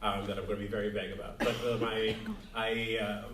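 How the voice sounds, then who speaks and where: A male host chatting casually on stage, halting, with many ums and restarts. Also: fairly low pitch, little pitch movement, fairly bright tone, slight background noise. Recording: echoey hall, distant mic, audience.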